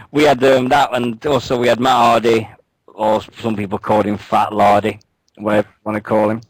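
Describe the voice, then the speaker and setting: A man's voice: on the low side, flat delivery, normal speed, no echo, low-quality recording. A man co-hosting a wrestling radio show, bantering casually, joking and swearing as he rambles through stories.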